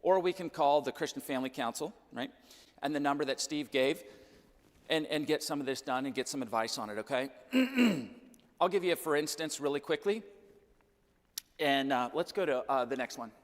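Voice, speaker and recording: A man's voice: fairly high pitch, expressive, normal speed, long reverb tail. A Midwestern man from Kansas, a financial planner, giving a chatty church seminar talk and checking in with the audience every few sentences. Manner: chatty, keeps checking in with "okay?" and "right?". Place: church hall.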